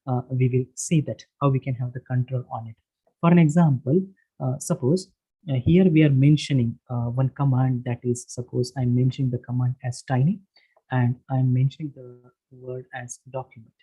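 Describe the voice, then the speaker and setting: A man leads an online screen-share lesson, walking through each step with frequent pauses, fillers and restarts. His voice is mellow and a little husky, at a middle pitch. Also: steady tone, low-quality recording. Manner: halting, many fillers and restarts, explains step by step. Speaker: workshop instructor. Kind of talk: screen-share tutorial lecture. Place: online session, voice from his own room.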